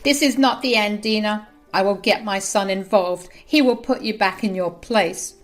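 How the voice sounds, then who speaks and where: A woman voicing an entitled, desperate mother-in-law who pleads from jail in a shrill, high-strung way. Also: normal speed, soft background music, close to an everyday voice. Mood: defiant.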